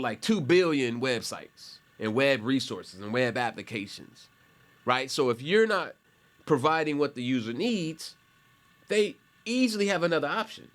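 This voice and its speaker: A man's voice: medium pitch, fairly bright tone. A male college instructor explaining a topic casually while clicking through websites, with a rambling, conversational delivery full of asides and self-corrections. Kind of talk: casual classroom explanation while screen sharing.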